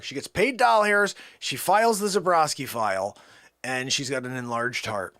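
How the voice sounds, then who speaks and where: A man doing a manic improvised comedy bit, hopping between silly voices. His voice sits high and swings wildly in pitch. It sounds dry and close. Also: expressive, moderate pace, a bit bright, dry recording.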